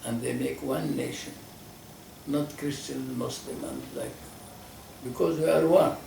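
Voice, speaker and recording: Older man, Lebanese accent, non-native English; gravelly, halting, emphatic, repeats himself; faint room ambience. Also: mid-range voice, wildly swooping pitch, mellow, echoey room, recorded from a distance, slight background noise, low-quality recording. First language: Lebanese Arabic. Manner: halting, emphatic, with many restarts and repetitions. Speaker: political party founder. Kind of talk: interview answers.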